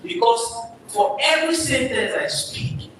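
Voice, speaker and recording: A man's voice: very high-pitched, lively intonation, measured pace. A man giving a motivational speech to a live audience, preaching and firing rhetorical questions at the crowd. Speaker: motivational speaker. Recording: echoey hall from far off with noise.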